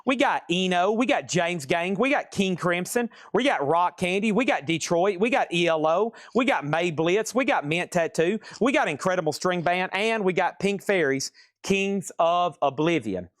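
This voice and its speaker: A man's voice: sits high, expressive, a bit bright, dry recording, clean studio sound. A man hosting a live online record sale, rattling off grades and prices and joking with viewers between lots. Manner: jokey, rapid price calls. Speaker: live auction host.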